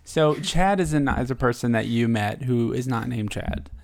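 A man's voice: medium pitch, expressive, normal speed, vocal fry. A man co-hosting a casual chat, telling an anecdote with frequent laughter. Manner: storytelling, laughs often.

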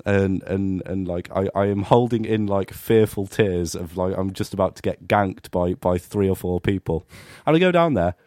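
A man's voice: low voice, lively intonation, moderate pace, few pauses, a little mellow, dry recording, clean studio sound. A young man, telling a rambling, self-mocking story in casual chat and laughing often. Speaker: podcast guest telling a story.

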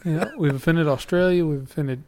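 A man's voice: on the high side, moderate pace, darkish tone, slight background noise. A man co-hosting a casual podcast, blunt and offhand, chuckling often. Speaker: podcast co-host. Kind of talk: casual chat.

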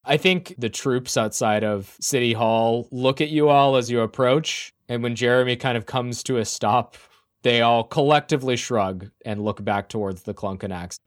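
A man's voice: mid-range voice, moderate pace. A man narrating vividly and wryly as game master of a tabletop game.

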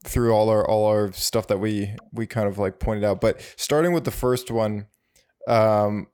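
A man's voice: on the low side, fairly even intonation, unhurried, a little mellow, smooth. A man co-hosting a casual talk show, easygoing and stumbling over restarts. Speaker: podcast co-host. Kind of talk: casual chat.

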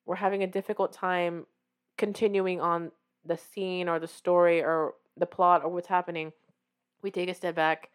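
A woman's voice: lowish voice, steady tone, moderate pace. A woman author hosting her own show, talking casually and encouragingly to the listener and acting out her own reactions as she tells her story. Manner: warm, encouraging, directly addressing the listener. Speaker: author and podcast host. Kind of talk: casual motivational talk.

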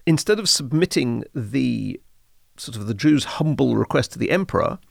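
A man, explaining history in a measured, informative podcast conversation. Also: mid-range voice, animated, creaky, no echo, clean studio sound. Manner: measured, informative, uses Hebrew terms. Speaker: history podcast guest expert.

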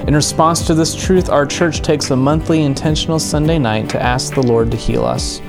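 Pastor guy, calm measured intro, guitar playing behind him. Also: a little high, vocal fry. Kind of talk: recorded sermon introduction. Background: guitar music.

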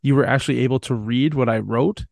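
A man's voice: medium pitch, quick pace, creaky, a little mellow, no room sound, clean studio sound. A man co-hosting a podcast, telling rambling stories in casual chat, swearing freely and laughing often. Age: adult. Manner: profane, storytelling, laughs often. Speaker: podcast co-host.

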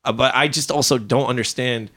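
A man's voice: medium pitch, fairly quick. A man hosting a podcast, ranting in casual chat with lots of swearing and sudden outbursts. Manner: animated profane ranting. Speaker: podcast host.

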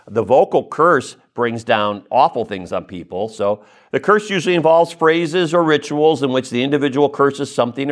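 Man giving a conversational spiritual teaching. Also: mid-range voice. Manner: conversational, addresses listeners as folks, frequent okay and asides. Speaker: Catholic teacher or preacher. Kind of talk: spoken teaching talk.

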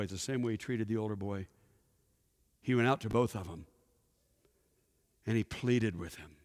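A pastor giving a sermon, telling a story and putting questions to the congregation. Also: male voice, on the low side, a little mellow. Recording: echoey hall with long reverb.

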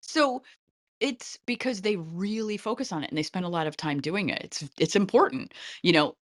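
A middle-aged woman casting director giving animated, chatty advice in an interview, often breaking into light laughs. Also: fairly low pitch, fairly quick, no room sound, studio quality.

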